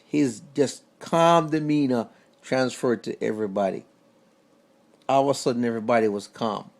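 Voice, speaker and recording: A man telling a personal story about his grandfather straight to camera, in a casual, halting way that repeats words. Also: medium pitch, creaky. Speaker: vlogger.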